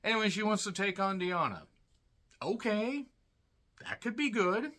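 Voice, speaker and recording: A man's voice: high-pitched, animated, a little slow, pushed and bright. A man giving a casual solo review of a wrestling show, blunt and sarcastic, swearing freely and sounding tired.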